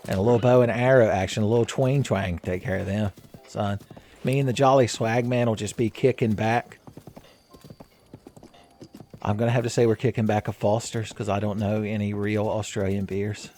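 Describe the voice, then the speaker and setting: A man's voice: fairly low pitch, flat delivery, moderate pace, a little mellow, slight background noise. A man hosting a let's play, rambling through casual game commentary with jokey, crude humor.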